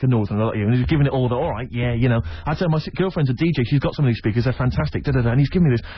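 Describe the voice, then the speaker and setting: A man co-hosting a radio show, telling an anecdote in a rapid, animated way and acting out what other people said. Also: mid-range voice, slightly rough, dry recording. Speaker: radio co-host. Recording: dull lo-fi radio recording.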